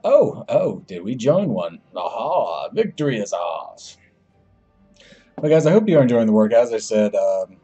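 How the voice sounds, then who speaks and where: A man talking over his online shooter matches, joking and rambling between rounds. He has a mellow, slightly husky voice that jumps into excitable yelps when the action heats up. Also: on the low side, muffled recording. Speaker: gaming channel host. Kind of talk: gameplay commentary.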